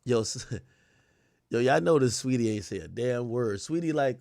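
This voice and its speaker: A man hosting a late-night stream, reading posts aloud and reacting with profane, animated commentary. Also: medium pitch, measured pace, creaky, no echo, studio quality. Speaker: livestream host.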